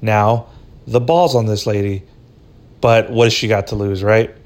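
A man's voice: lowish voice, steady tone, measured pace, darkish tone. A man hosting a podcast, telling a personal story in a loose, rambling way, swearing freely and leaning on "dude" and "right?". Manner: profane, rambling, says "dude" and "right?" often. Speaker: podcast host. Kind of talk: casual storytelling.

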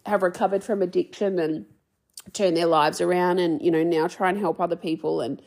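A woman's voice: lowish voice, steady tone, brisk, creaky, a little mellow. A young woman hosting her own podcast, rambling casually, swearing freely and poking fun at herself. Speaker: podcast host. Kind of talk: casual solo podcast chat.

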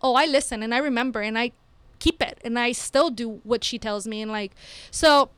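A mother chatting casually, telling a story with animated, jumping delivery, recorded on a close mic. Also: a little high, normal speed, clear, resonant tone, no echo. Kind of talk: casual chat.

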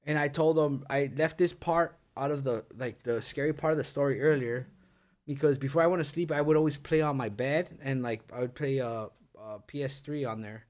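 A man's voice: medium pitch, brisk, darkish tone. A young man telling a ghost story on a casual podcast, rambling and swearing, packing every sentence with "like" and "dude". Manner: rambling, profane, full of "like" and "dude".

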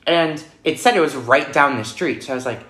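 A woman's voice: a bass voice, a little fast, a bit bright. Young woman rambling in an echoey room. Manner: rambling, trailing off, self-mocking. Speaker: podcast co-host. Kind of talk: casual chat.

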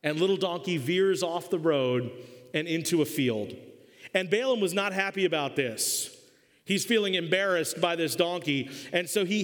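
A male pastor preaching a sermon, telling the story in a lively, humorous way. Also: high-pitched. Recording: long reverb of a church hall.

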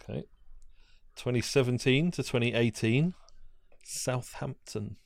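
A man's voice: mid-range voice, a little slow, vocal fry, no echo. A man hosting a casual football quiz among friends, reading out clues and bantering. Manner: reads out clues, banters and swears. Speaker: quiz host.

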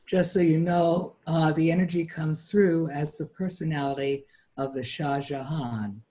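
A man chatting casually, adding quick explanatory asides. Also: fairly high pitch, steady tone, warm tone. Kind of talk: casual chat.

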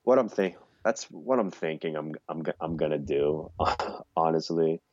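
A man's voice: a bass voice, moderate pace, darkish tone, dry recording, highs cut off. A man co-hosting a podcast, chatting casually and rambling about video game releases. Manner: casual, rambling, mock-formal announcer bits. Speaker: podcast co-host. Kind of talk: casual gaming chat.

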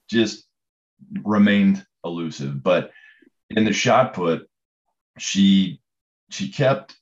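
Man, coach, very low voice, rambling, many fillers, dull recording. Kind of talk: storytelling in conversation.

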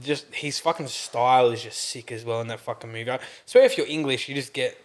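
Casting: young Aussie guy, mid-pitched voice, excitable, swears freely. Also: a little fast. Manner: animated, sweary, laughing banter. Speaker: podcast co-host. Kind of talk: casual chat.

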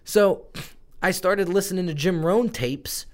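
A man's voice: high-pitched, a little slow. A man telling his own story in a conversational interview, candid and emotional, swearing now and then. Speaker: guest, brand strategist.

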